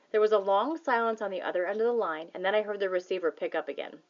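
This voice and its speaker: A woman's voice: mid-range voice, fast, few pauses. Woman reading a storybook aloud, dull audio. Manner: plain, steady storytelling. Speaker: audiobook reader. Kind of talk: scripted narration.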